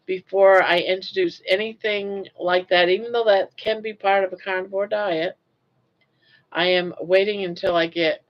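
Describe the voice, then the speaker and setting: An older woman hosting a casual live chat, chatty and unhurried, who coos at her pet in a doting voice. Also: fairly low pitch, dull audio. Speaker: livestream host.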